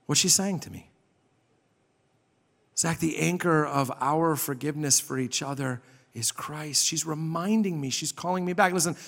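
A male pastor preaches with a fairly high voice, pressing hard on key words and then dropping to a near hush. His sermon rings out in a church sanctuary with a long, lingering reverb. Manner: impassioned, swings from loud emphasis to soft hush.

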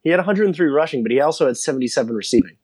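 A man's voice: on the high side, expressive, rapid-fire, a little mellow, breathy edge, dry recording. Male co-host, enthusiastic stat-quoter, close and dry recording. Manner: stat-quoting, enthusiastic, laughs easily. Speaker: podcast co-host. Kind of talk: casual sports podcast chat.

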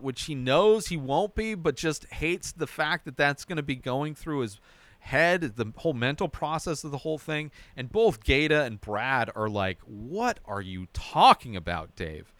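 A man hosting a podcast, recapping a TV episode in a casual, animated storytelling way, often tossing in "right?" asides. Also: fairly high pitch, no echo. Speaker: podcast host.

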